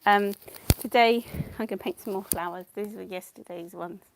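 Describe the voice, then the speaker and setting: A woman's voice: mid-range voice, moderate pace, vocal fry, background noise. A woman chatting casually on a live stream at home, greeting viewers by name and giggling as she paints. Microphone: clip-on mic.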